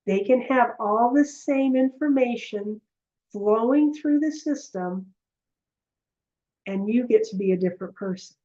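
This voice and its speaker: A woman's voice: fairly high pitch, a little slow, warm tone, dull audio. A woman giving a live online lesson as a healing teacher, telling stories with animation and speaking straight to her viewers. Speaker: energy healer and heart coherence teacher.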